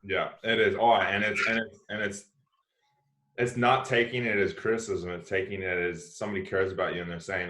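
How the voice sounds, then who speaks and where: A man with a lowish voice hosts a casual podcast chat. He talks with bursts of excitement, restarts his sentences and laughs often. The room gives his voice a noticeable echo. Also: a little fast. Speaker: podcast host. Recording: echoey room.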